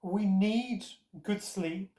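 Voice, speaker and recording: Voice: mid-range voice, extremely slow, dark tone, reverberant. A tired vlogger giving rambling, sardonic commentary with self-mocking asides, short on sleep.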